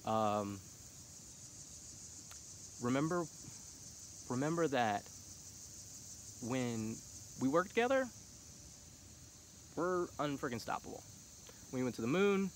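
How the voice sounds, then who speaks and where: A man's voice: mid-range voice, big pitch swings, takes it slowly, pauses often, slight background noise. A middle-aged man talking casually and passionately, full of fillers. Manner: passionate, rising to heated shouting; casual, filler-heavy talk. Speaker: vlogger. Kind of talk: casual monologue on politics.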